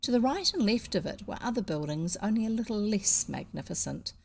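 A woman with a New Zealand accent reading a children's novel aloud, pausing to fix slips and add casual comments. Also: medium pitch, lively intonation, gravelly, darkish tone, breathy edge. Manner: unpolished, stops to correct slips and comment. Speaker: audiobook reader.

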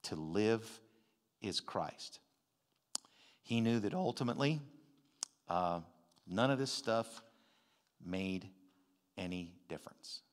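Older male pastor, unhurried, emphatic sermon delivery, in a church with a long reverberating hall sound. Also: fairly low pitch, lively intonation. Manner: emphatic, swings between loud stresses and quiet asides. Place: large church sanctuary.

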